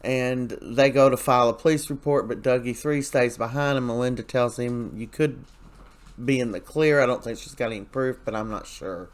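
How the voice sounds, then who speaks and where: Guy doing a rambly soap recap, chatty, lots of fillers, pretty average pitch. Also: brisk, few pauses. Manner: chatty, rambling, with many fillers and quoted lines. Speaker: soap opera recap host. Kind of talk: casual spoken recap.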